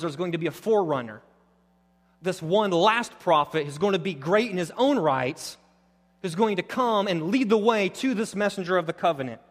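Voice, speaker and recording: A man preaching a sermon, animated, moving between loud emphatic points and quiet, intense passages. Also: sits high, big-room sound. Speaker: pastor.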